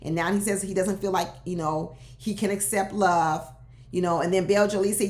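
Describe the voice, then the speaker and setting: A woman's voice: fairly low pitch, moderate pace. Woman w/ AAVE dishing on a reality show, laughing, talks right at the cast, roomy echo. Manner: animated, laughing, talks straight to cast members. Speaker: reality show recap host. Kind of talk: casual commentary.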